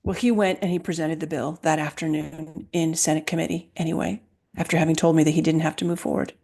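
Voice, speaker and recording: A woman's voice: low voice, steady tone, fast talker, a little mellow. Emphatic woman telling a story. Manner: emphatic, retells events with quoted dialogue. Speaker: guest, health freedom advocate. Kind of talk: animated storytelling in a conversation.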